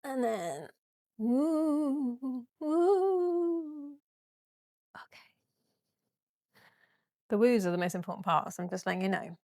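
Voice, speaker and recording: A woman's voice: fairly low pitch, moderate pace, vocal fry, pauses often, a little mellow, no echo, studio quality. A young woman teaching a casual guided yoga class, chatty and giggly, often apologizing through yawns.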